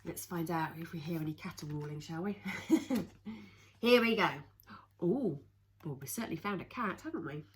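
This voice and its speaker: A woman reading a rhyming picture book aloud to children, in an expressive sing-song way with playful asides. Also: sits low, fairly quick. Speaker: children's storyteller.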